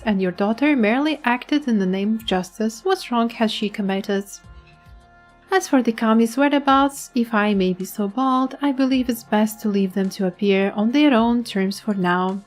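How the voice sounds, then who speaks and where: A woman voicing a calm, formal old male clan leader, speaking in a measured way. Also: fairly high pitch, close to an everyday voice.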